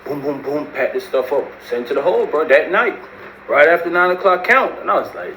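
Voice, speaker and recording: A man's voice: a little high, lively intonation, brisk, pushed and bright. A man casually telling a long prison story in slangy speech, acting out the voices of the people he quotes. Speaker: storyteller recounting prison life. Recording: roomy with faint background noise.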